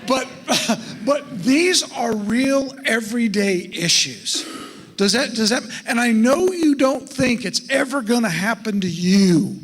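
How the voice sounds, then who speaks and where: A middle-aged man with a high voice gives a folksy seminar talk to a church congregation. He keeps putting questions to his listeners as he goes. His voice rings out with a long reverb off the sanctuary walls. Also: fairly bright tone, husky. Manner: folksy, asks the audience questions. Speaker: estate planning speaker at a church.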